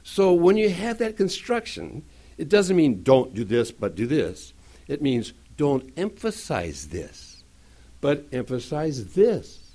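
A man's voice: a little high, wildly swooping pitch, slow pace, warm tone. A man preaching a sermon, explaining scripture with joking asides and frequent restarts.

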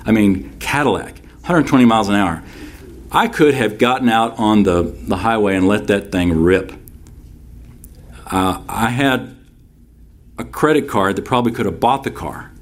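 A man's voice: fairly low pitch, a little slow. A man preaching a sermon as a pastor, stressing key phrases by repeating them and telling folksy personal stories with asides.

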